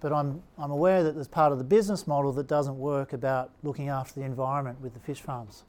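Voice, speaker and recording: A middle-aged Australian man telling a personal story in a relaxed, anecdotal way, acting out the quotes. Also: mid-range voice, fast. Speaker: speaker telling his story. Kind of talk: storytelling talk.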